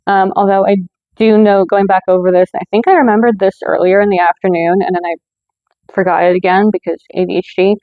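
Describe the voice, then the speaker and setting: A woman's voice: mid-range voice, fairly even intonation, brisk, no room sound, phone-quality sound. A woman hosting her own movie review channel, talking in a chatty way with lots of fillers and self-corrections. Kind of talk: casual scripted review.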